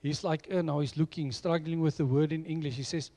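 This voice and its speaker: A middle-aged man preaches a sermon, earnestly sharing personal stories. His voice is mellow and on the high side, with fairly even intonation and a fairly quick pace.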